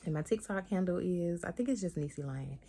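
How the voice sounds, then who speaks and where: A woman's voice: lowish voice, animated, a little fast, dark tone. A young woman vlogger chatting casually to her viewers, with slangy asides. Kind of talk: casual vlog chat to camera.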